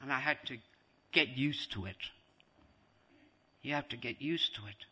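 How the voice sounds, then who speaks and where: A man's voice: mid-range voice, measured pace, husky. A man giving a devotional lecture as a spiritual teacher, repeating phrases for emphasis and acting out scenes. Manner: animated, acts out scenes.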